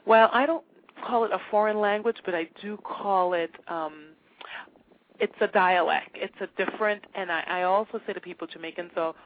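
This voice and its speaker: A woman from Trinidad, speaking as a guest in a casual interview, tells lively anecdotes and acts out the people in them. Her voice sits at an ordinary middle pitch. It comes through a narrow, tinny phone line. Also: moderate pace. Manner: animated storyteller, acts out quoted voices.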